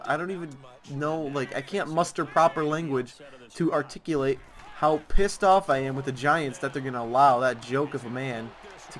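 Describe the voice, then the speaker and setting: A young man giving football picks over gameplay in a sarcastic, ranting way, drawing out words for emphasis. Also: on the high side. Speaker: YouTuber making predictions. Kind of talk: casual commentary over gameplay.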